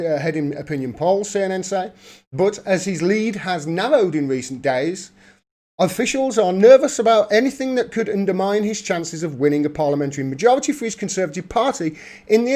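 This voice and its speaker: Male streamer, high-pitched for a man, reads political news then riffs on it with mocking asides; host energy. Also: darkish tone. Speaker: political commentary livestreamer. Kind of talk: reading news aloud with sarcastic commentary.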